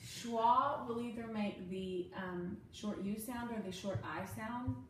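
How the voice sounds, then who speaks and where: A woman tutor leads a one-on-one phonics lesson, prompting each step patiently and clearly. She is recorded from some distance in a very echoey room. A faint background ambience sits under her voice. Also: fairly high pitch, slow, a little hiss or hum. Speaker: reading and spelling tutor.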